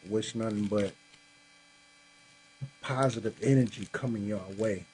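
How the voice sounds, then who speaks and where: A man's voice: fairly low pitch, steady tone, unhurried, darkish tone, a little hiss or hum, low-quality recording. Tired laid-back man hosting a live podcast. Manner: laid-back, talks straight to viewers, says y'all. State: tired, yawning. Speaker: podcast host. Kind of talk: casual live-stream chat. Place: home room with a Christmas tree.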